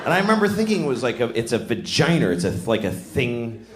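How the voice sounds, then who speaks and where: Animated stand-up comedian, roomy club. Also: male voice, medium pitch, fast talker. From Boston, USA. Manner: conversational, self-mocking, rambling riffs. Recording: roomy club with audience laughter.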